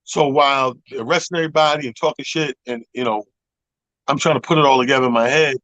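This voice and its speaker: A man co-hosting a radio talk show, telling a profane, animated story in casual chat. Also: mid-range voice, quick pace, no room sound, low-quality recording. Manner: animated, profane, acts out other people's voices. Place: radio studio. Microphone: studio microphone.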